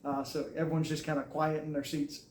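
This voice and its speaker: A man's voice: fairly high pitch, level tone, brisk, darkish tone. A man, an army veteran, telling his own story in a casual, earnest way and acting out what others said. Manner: earnest, recounts events with quoted dialogue. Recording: echoey room with faint noise.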